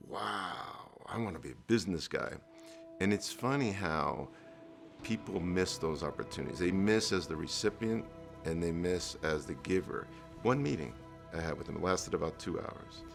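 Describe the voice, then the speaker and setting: This entrepreneur guest from New Jersey, USA, has a deep, gravelly voice. In a candid life-story interview, he tells his story earnestly, full of fillers and restarts.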